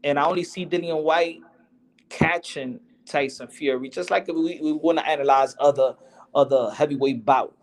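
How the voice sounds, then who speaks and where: A man talking in a slightly high voice as a podcast host. His talk is loose, slangy and casual. He sounds like someone chatting among friends about fights. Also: normal speed. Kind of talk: casual chat.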